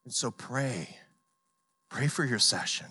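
A man's voice: medium pitch, animated, slow pace, pushed and bright, breathy edge. A man preaching a sermon as a pastor, telling stories with playful sound effects and pleading earnestly with his listeners.

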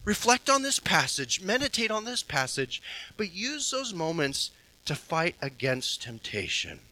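A man preaching a sermon to a congregation, emphatic, swinging between soft passages and loud ones. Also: high-pitched, very animated, unhurried, low-quality recording. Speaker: pastor. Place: church hall with a congregation.

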